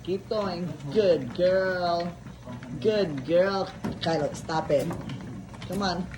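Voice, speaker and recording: A woman's voice: lowish voice, drawn-out words, noisy background. A woman coaching her dogs through a workout, giving short, firm commands and praise. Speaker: dog owner.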